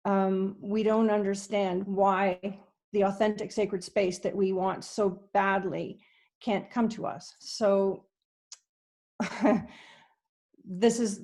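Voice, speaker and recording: Earnest and hesitant, this Canadian woman delivers a conference presentation via video call, often stopping on an um and rephrasing from the start. Her pitch is medium, a bit mellow, with vocal fry.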